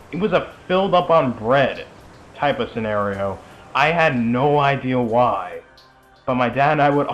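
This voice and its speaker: A man's voice: medium pitch, muffled recording. A young man giving casual, rambling commentary over a video game, full of chatty asides and fillers. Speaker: let's play commentator.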